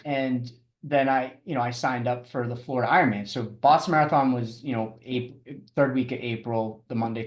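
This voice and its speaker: A middle-aged man telling his story as a podcast guest, halting and restarting often, with chuckles. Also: mid-range voice, reverberant. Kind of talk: casual storytelling interview.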